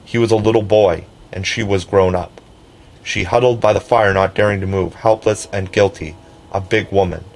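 A man's voice: sits low, steady tone, normal speed, gravelly, rough recording. Man reading a storybook aloud. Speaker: audiobook narrator. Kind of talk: scripted storybook narration.

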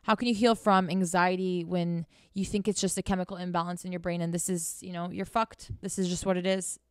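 A woman with a smooth, clear voice delivering a candid self-help monologue to camera. She is blunt and sarcastic, swears freely and scolds the listener directly. The recording is dry and close, with no room sound. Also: fairly low pitch, little pitch movement, a little fast, no echo. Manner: direct, scolding address to the viewer. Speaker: host.

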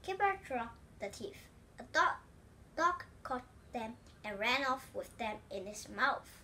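Brief: woman reading a children's book aloud, slow and careful, lively pitch. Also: slight background noise. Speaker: storybook reader.

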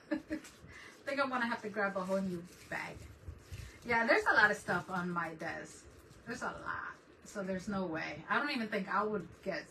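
Bright chatty woman hosting a craft stream. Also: mid-range voice, lively intonation, normal speed, long pauses. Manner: chatty, laughs often, greets viewers by name. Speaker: craft channel host. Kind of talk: casual live-stream chat while crafting. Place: home craft desk. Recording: distant mic with faint background noise.

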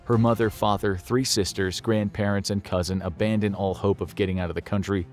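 A man's voice: on the low side, fairly even intonation, fairly quick, darkish tone, soft background music. A man narrating a scripted documentary in a grave, dramatic storytelling manner.

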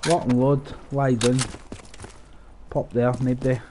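A man giving live, profane, rambling commentary over his own gameplay, breaking into excited outbursts. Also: medium pitch, a little slow, slight background noise. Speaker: gaming channel host.

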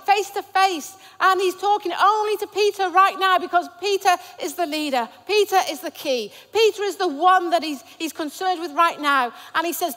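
A woman's voice: very high voice, moderate pace, few pauses, pushed and bright, big-room sound. A woman pastor preaching a sermon in an emphatic, repetitive cadence. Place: church.

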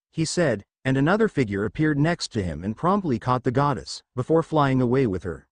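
A man's voice: medium pitch, very animated, fairly quick, hardly any pauses, no echo. A man reading a fanfiction adventure aloud as narrator, voicing every character in much the same voice.

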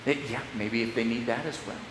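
A man's voice: mid-range voice, steady tone, fast talker, fairly bright tone, a little hiss or hum. A man serving as pastor, leading a children's message in a church sanctuary, guiding the kids through a story in a stop-start, playful way. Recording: echoey church hall, live stream.

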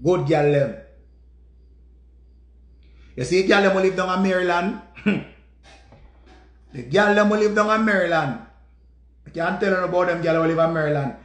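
A man with a Jamaican accent telling a story in an animated, profane rant and repeating his phrases. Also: high voice, brisk, pauses often, roomy sound. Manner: repetitive, profane, dramatic retelling. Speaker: vlogger.

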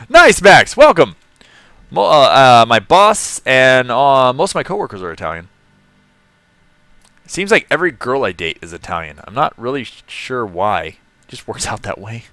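A man's voice: medium pitch, very animated, unhurried, bright, forceful tone, no room sound. A man from California live-streaming a game, chatting casually, laughing often and greeting viewers in the chat.

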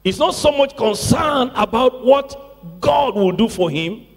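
A pastor with an extremely high, slightly breathy voice preaches slowly but with lively intonation. Addressing his congregation in a church sanctuary, he stresses important words, repeats phrases, and calls out to the room, with long church reverb on the recording.

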